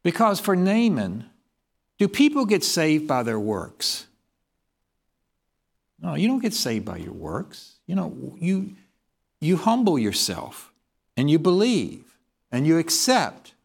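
A man's voice: on the high side, wildly swooping pitch, slow, vocal fry, long pauses, breathy edge. A man preaching a sermon, reading scripture aloud and asking the congregation questions. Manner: reads scripture aloud in King James wording.

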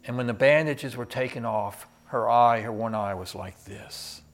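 A man preaching a sermon, swinging from loud emphatic peaks to hushed whispers and throwing rhetorical questions at the congregation. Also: medium pitch, normal speed, a little hiss or hum.

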